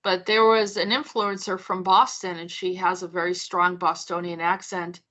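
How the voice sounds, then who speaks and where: A woman's voice: on the low side, flat delivery, normal speed, bright, forceful tone, low-quality recording. A woman from the United States hosting a casual conversation, chatty and full of fillers as she tells her examples. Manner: chatty, storytelling with many fillers. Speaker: podcast host.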